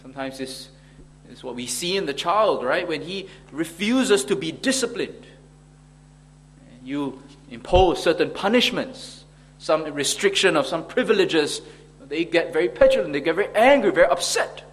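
A man's voice: on the high side, animated, moderate pace, slight background noise. A man preaching a sermon, earnest and rhetorical, asking the congregation questions and now and then stumbling on fillers.

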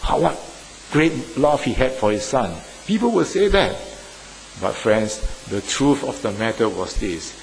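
A man preaching a sermon, emphatic, swinging between loud stressed phrases and quiet asides. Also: medium pitch. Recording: faint noise and long hall reverb.

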